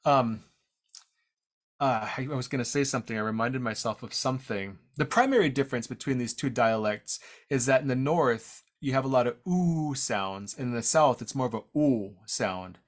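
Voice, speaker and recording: A man at a medium pitch gives a relaxed, self-deprecating talk about his tribe's language over a video call. He often restarts his sentences. The internet connection is unstable, so his audio sometimes cuts out. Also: moderate pace. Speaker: tribal language teacher. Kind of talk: online presentation talk.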